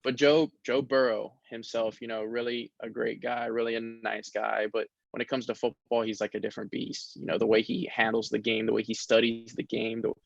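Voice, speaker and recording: Gravelly young man, relaxed interview talk. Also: mid-range voice, a little fast, hardly any pauses, no echo. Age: young adult. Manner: relaxed, rambling with many fillers. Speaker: college football player. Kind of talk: casual interview. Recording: dull lo-fi sound.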